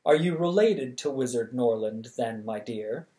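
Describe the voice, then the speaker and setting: A reader voicing a kindly old king who speaks with gentle, unhurried courtesy, close to their own voice. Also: medium pitch, lively intonation, voice pushed down, close to an everyday voice.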